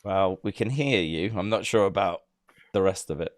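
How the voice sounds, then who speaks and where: A man's voice: sits low, dry recording, clean studio sound. Teasing male podcast host. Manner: teasing, quick to banter. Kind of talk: casual podcast interview.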